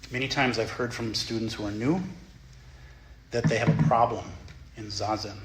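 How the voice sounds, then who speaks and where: A man's voice: mid-range voice, fairly even intonation, moderate pace, a little hiss or hum. A man, a Zen teacher, gives a playful, self-mocking dharma talk in the meditation hall of a Zen center. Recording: echoey hall, faint ambience.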